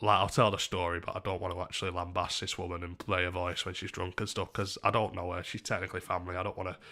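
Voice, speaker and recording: A young man in his twenties, telling a story on a stream in a sweary, rambling, animated way. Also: low-pitched, fast talker. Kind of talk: casual storytelling.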